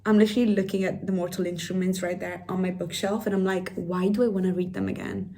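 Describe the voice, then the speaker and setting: A woman's voice: lowish voice, little pitch movement, fast talker, warm tone. Gushing young woman book vlogger. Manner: gushing, emotional, drops to a near whisper at times. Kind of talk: casual vlog chat.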